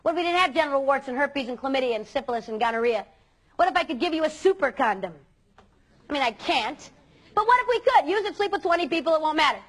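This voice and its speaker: A woman's voice: sits high, lively intonation, fast. A woman youth speaker giving an earnest, emphatic motivational talk to students.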